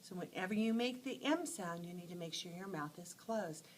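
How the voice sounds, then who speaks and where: A woman teacher telling short animal stories to teach letter sounds, acting out each sound with lively expression. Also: fairly low pitch, normal speed, a little hiss or hum, rough recording. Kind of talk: phonics lesson storytelling.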